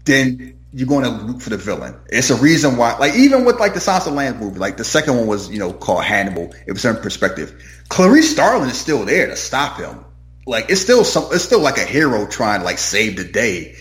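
A man's voice: mid-range voice, sing-song, a little fast, fairly bright tone. A man in casual chat about a movie, rambling and opinionated with lots of fillers. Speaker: movie podcast co-host. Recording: roomy echo.

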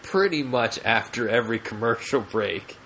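A man with a mid-range, fairly bright voice co-hosts a podcast, chatting casually at a moderate pace with an animated delivery. He rambles with lots of fillers and restarts, and there's slight background noise.

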